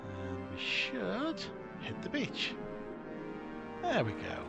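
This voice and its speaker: A man's voice: fairly low pitch, huge pitch swings, takes it slowly, vocal fry, loud music behind the voice. A man hosting a gaming video, musing to himself in casual gameplay commentary, restarting sentences as he goes.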